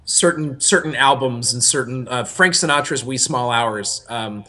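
A young man co-hosting a podcast, talking casually in a rambling, animated way that often breaks off and restarts. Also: mid-range voice, measured pace. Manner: rambling, self-interrupting, animated. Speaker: podcast co-host.

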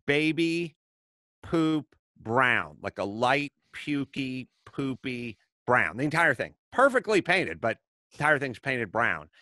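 A man's voice: mid-range voice, no room sound, studio quality. A middle-aged man hosting a podcast, telling comedic stories and acting out the people in them. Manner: animated, acts out voices in anecdotes. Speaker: podcast host. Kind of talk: casual comedic storytelling.

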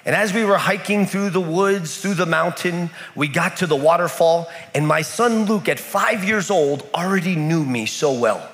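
A man's voice: a little high, normal speed, few pauses, fairly bright tone. A man from the United States preaching a sermon in a church in Kenya, telling a story with lots of repetition. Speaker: pastor. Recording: echoey church hall.

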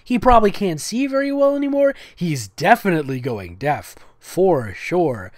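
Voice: medium pitch, sing-song, normal speed, no echo, studio quality. A comedic reader of fan fiction, reading it aloud with sarcastic, mocking asides.

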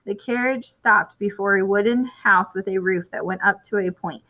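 A woman reading a children's chapter book aloud at a clear, even storytelling pace. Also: mid-range voice, normal speed, poor audio. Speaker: storybook reader.

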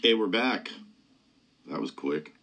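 A man's voice: lowish voice, lively intonation, takes it slowly, fairly bright tone, poor audio. A man hosting a podcast in loose casual talk, rambling with lots of "man" and "dude" and heavy swearing. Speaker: podcast host. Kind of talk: casual conversation.

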